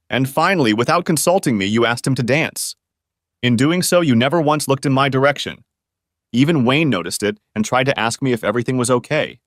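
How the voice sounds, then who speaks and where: A man's voice: medium pitch, no room sound, clean studio sound. A man narrating a first-person relationship story, speaking in an earnest, confrontational storytelling manner.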